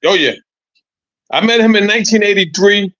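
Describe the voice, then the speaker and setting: A man in his sixties, a former boxer, telling animated, profane stories as a podcast guest, repeating his points. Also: high voice, normal speed, no room sound, highs cut off. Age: 60s. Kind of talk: casual podcast chat.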